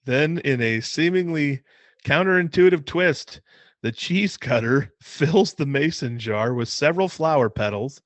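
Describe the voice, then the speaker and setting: A man's voice: fairly high pitch, expressive, a little slow, no echo. A man co-hosting a casual podcast, reading a news story aloud with laughing asides. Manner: reads out articles with laughing asides. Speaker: podcast co-host.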